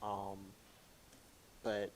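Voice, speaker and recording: A man's voice: on the low side, monotone, extremely slow, slight background noise. A man giving a casual history lecture, chatty, with many fillers and playful quoted asides.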